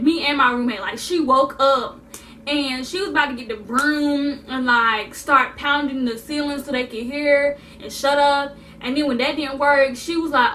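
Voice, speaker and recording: A young woman telling a story in a casual vlog, animated and sassy, repeating lines for emphasis. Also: high voice, recorded from a distance, a little hiss or hum. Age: young adult. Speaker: vlogger.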